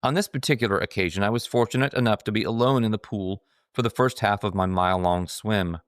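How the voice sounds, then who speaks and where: A man's voice: on the low side, quick pace, no echo, clean studio sound. A man reading his own humorous memoir aloud, in a wry, dryly self-mocking storytelling style. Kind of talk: scripted storytelling narration.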